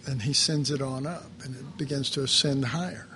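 A man preaching a sermon slowly and reflectively, pausing often and restarting his phrases. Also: mid-range voice, fairly even intonation, pushed and bright, a little hiss or hum. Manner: slow, halting, reflective, with many pauses and fillers.

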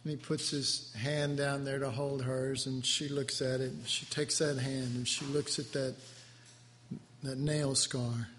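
Slow, tender male Bible teacher. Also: medium pitch, little pitch movement, fairly bright tone. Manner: tender, halting, emotionally moved. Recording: echoey hall with faint background noise.

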